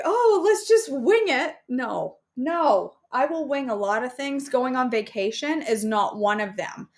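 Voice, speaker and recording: A woman hosting a casual live cooking show from her home kitchen, chatting playfully with her viewers. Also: fairly high pitch. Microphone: camera on a counter.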